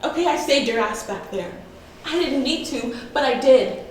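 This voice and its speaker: A woman's voice: high voice, lively intonation, normal speed. A young woman playing a defensive, bossy teenage head of a student jury. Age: young adult. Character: self-righteous teen girl heading student jury. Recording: very echoey room, distant mic, faint noise.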